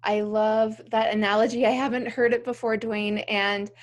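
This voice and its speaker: A woman's voice: a little high, little pitch movement, normal speed. A woman hosting a podcast, affirming her guest, thanking him and laughing often. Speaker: podcast host. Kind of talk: casual interview.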